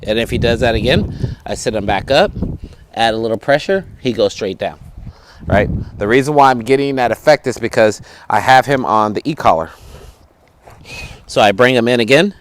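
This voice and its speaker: In an instructional dog training video, a man teaches outdoors, explaining each step, giving the dog short commands, and frequently checking in with "right?" and "okay?". He speaks at normal speed with a medium pitch and lively intonation, over a slight hiss or hum.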